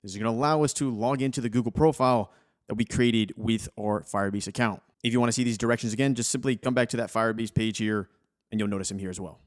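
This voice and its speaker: A man's voice: fairly low pitch, steady tone, fast. A young adult man hosting a screen-recorded coding tutorial, casual and encouraging as he talks viewers through each step.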